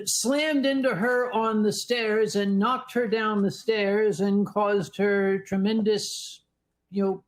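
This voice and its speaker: High voiced guy telling con stories, dry and wry. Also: low-quality recording. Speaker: convention chairman. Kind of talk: casual panel talk.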